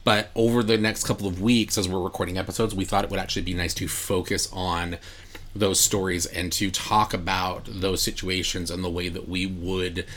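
A man's voice: low-pitched, little pitch movement, normal speed, a bit bright, slight background noise. A man co-hosting a podcast in casual chat, rambling with lots of fillers and restarts. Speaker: podcast co-host.

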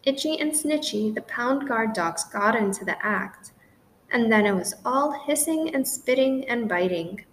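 Woman gently reading a children's story. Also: a little high, lively intonation, unhurried, a little hiss or hum, poor audio. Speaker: storybook narrator. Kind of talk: scripted children's story narration.

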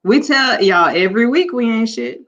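A woman co-host banters in a teasing, blunt way. Her fairly high voice swings widely. The audio is dull and lo-fi. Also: very animated, moderate pace, a bit bright. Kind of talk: casual chat.

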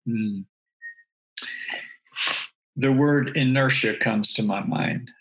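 An older man, a guest and former missionary, telling stories in a thoughtful, measured way. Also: mid-range voice, creaky, a bit bright, highs cut off. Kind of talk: reflective interview talk.

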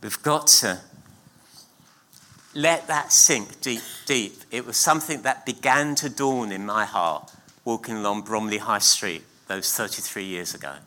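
Middle-aged male pastor, unhurried sermon delivery, very bright, cutting voice, emphatic repeats. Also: lowish voice. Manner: emphatic preaching with repeated phrases and slow pauses. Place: church.

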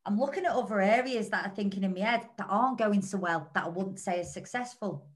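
Woman, podcast co-host, earnest, rambling, mid pitch, casual chat. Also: fast.

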